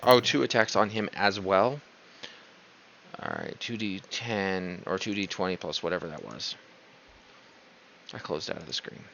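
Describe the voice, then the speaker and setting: A low, gravelly man with a sharp, bright edge chats casually as a tabletop player. His mic is dull and lo-fi, with faint noise behind him. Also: a little slow, pauses often. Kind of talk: casual tabletop game chat.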